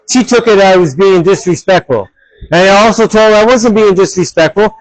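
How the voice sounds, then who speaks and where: Blunt, loud-talking mechanic man. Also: high-pitched, fairly quick, no echo, rough recording. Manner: blunt, direct and talks loud. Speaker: hot rod mechanic. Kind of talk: casual workshop vlog. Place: car garage. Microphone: headset mic.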